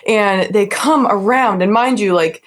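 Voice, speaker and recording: A young woman from New England, a podcast guest, telling a story in a chatty, animated way with lots of "like". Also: medium pitch, unhurried. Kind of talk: casual storytelling.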